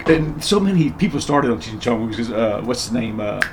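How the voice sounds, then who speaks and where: A man's voice: medium pitch, expressive, fairly quick, noisy background. A man co-hosting a podcast in casual, laughing chat, full of slang like "man" and "dude". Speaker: podcast co-host.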